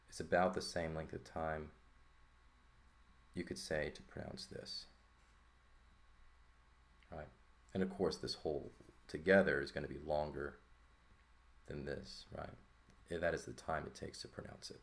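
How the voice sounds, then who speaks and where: A man teaching a language lesson in a relaxed walkthrough, thinking aloud and often checking in with "right?". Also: rumbling low, unhurried, creaky, pauses often. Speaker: Greek teacher.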